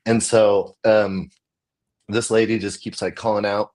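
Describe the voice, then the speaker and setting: American man, lowish voice, chatty storyteller who acts out the people he quotes. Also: measured pace. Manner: animated, acts out quoted voices, laughs often. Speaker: comedian guest. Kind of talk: casual storytelling chat.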